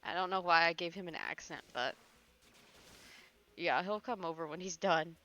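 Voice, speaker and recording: A woman's voice: on the low side, moderate pace, pushed and bright, dull audio. A woman streaming a video game, chatting casually and joking at her own expense, with the odd swear.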